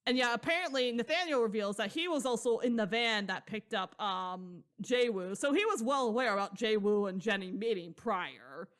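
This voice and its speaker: A woman with a somewhat high voice retells a story in loose podcast chat. She rambles, piles on slang and swears freely, laughing along as she goes. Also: lively intonation, moderate pace, few pauses, a bit bright. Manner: rambling and slangy, with frequent profanity; laughs often while telling the story. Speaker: podcast co-host. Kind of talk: casual chat recapping a novel.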